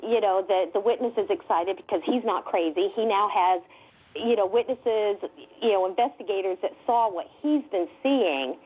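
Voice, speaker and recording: Excited woman on a tinny phone line. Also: medium pitch, moderate pace, breathy edge. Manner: excited, laughs often, many fillers. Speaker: guest UFO investigator. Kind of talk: animated storytelling. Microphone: telephone.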